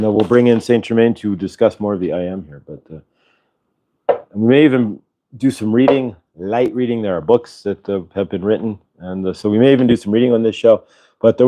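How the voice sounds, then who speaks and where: Man, livestream host, casual spiritual chat, upbeat, rambling, reads comments aloud, mid pitch. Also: dark tone.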